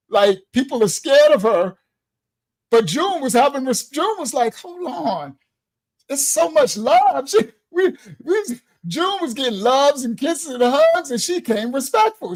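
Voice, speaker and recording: On a livestream to his congregation, a ministry leader preaches in a high voice with streetwise warmth. He stays animated and laughs while telling his stories.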